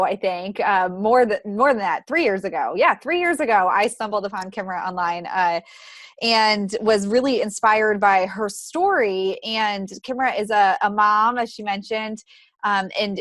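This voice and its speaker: A woman's voice: medium pitch, fairly bright tone, dry recording. A woman hosting a podcast, chatting casually with her guest, talking loosely with many restarts. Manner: chatty, many fillers and restarts, laughs often. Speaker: podcast host. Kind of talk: casual interview chat.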